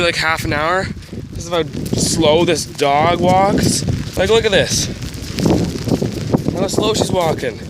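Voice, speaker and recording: A teenage boy chats to his handheld camera in a loose, rambling way, full of ums and little laughs. His pitch is ordinary for a young man. The recording is noisy, with wind and heavy rain behind him outdoors. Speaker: vlogger. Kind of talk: casual vlog talk to camera. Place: home, then outdoors by a road in heavy rain.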